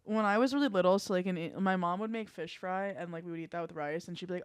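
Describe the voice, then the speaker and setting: A woman's voice: lowish voice, fairly even intonation, rapid-fire, few pauses, clear, resonant tone, no room sound, studio quality. A young woman co-hosting a podcast, telling rambling stories in casual chat, full of "like". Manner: rambling storyteller, lots of "like". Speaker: podcast co-host.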